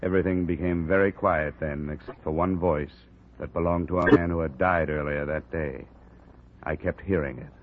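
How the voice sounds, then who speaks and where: A man narrates in a clipped, hard-boiled detective voice from a 1950s radio drama. His voice sits very low. The broadcast sound is thin and tinny. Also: steady tone, moderate pace, a little hiss or hum.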